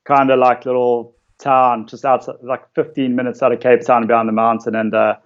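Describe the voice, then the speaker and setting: A man, a photographer casually telling stories about his shoots in a relaxed way, with lots of fillers. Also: mid-range voice, brisk, lo-fi sound. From South Africa. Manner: relaxed storytelling with many fillers. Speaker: interviewed photographer. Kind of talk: casual conversation.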